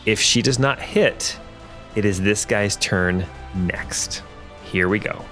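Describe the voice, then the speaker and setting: A man running a tabletop game as game master, thinking aloud and often pausing with ums and restarts. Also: fairly low pitch, a bit bright, faint music behind.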